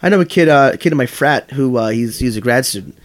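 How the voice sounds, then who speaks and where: Quick, stammering young man. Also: medium pitch, expressive, dry recording. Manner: fast, halting, many restarts and fillers. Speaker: podcast host. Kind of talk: casual chat.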